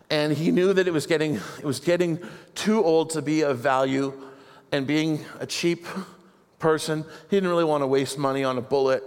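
High-voiced man preaching in a hall. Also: clear, resonant tone. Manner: humorous, chatty, acts out quoted voices. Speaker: pastor. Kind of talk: sermon. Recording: long hall reverb.

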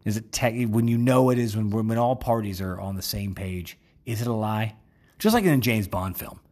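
A man's voice: on the low side, moderate pace, a little mellow. A man in his thirties hosting a podcast, rambling through a wry, self-deprecating casual monologue. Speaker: podcast host.

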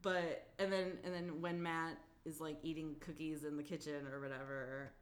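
A woman's voice: low-pitched, level tone, moderate pace. A woman co-hosting a podcast, casually recapping a TV episode, chatty and laughing often with lots of "like". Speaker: podcast co-host.

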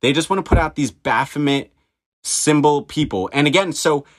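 A man's voice: fairly high pitch, normal speed. A man hosting a solo podcast, talking insistently and repetitively and firing off rhetorical questions. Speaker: podcast host. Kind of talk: solo monologue.

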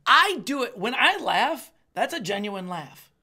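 A man's voice: very high voice, big pitch swings, unhurried, sharp tone, breathy edge. A man, a stand-up comedian, telling profane stories in casual podcast chat and acting out the people in them. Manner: profane storytelling, acting out quotes. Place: Los Angeles comedy scene.

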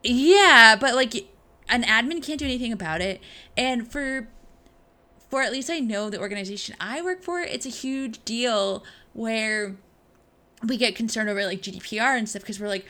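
A woman with a bright, sharp-edged voice gripes about software as a podcast co-host. She talks animatedly with a sarcastic streak and acts out what other people say. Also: a little high, expressive, moderate pace. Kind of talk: casual tech chat.

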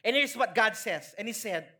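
A Filipino woman delivers a sermon in a high, bright voice. She keeps asking her listeners questions and playfully acts out quoted lines as she teaches. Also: normal speed. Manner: lively, questioning the congregation, acting out quotes. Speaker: preacher.

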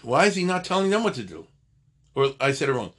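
An older man teaching a loose, chatty Talmud class. His voice is husky and sits at an ordinary pitch. He wanders off on asides and corrects himself mid-sentence. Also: sing-song, fast talker, a bit bright. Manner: digressive, conversational, self-correcting. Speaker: Torah teacher.

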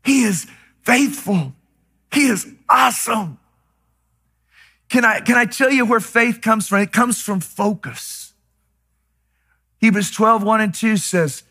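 A man preaching a sermon with passion, moving from hushed, slow lines to loud, shouted declarations. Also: high voice. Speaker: pastor.

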